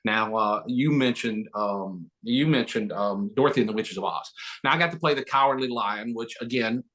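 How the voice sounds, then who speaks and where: A middle-aged man, an actor and auctioneer, telling quick, joking stories as an interview guest on a video call. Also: lowish voice, fairly bright tone. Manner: fast, name-dropping, joking. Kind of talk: animated interview storytelling.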